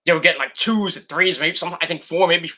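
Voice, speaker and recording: Bright, high-voiced man ranting. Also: brisk. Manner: profane, heated ranting. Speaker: wrestling review host. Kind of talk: ranting show review.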